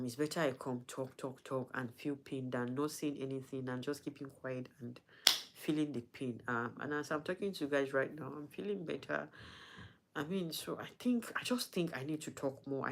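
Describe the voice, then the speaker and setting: A woman speaks straight to her followers in a personal vlog. She sounds weak and in pain, halting and emotional, often starting a sentence over before she finds her words. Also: rumbling low. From Nigeria. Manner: halting and emotional, with frequent restarts. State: in pain and weak from not eating. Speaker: vlogger.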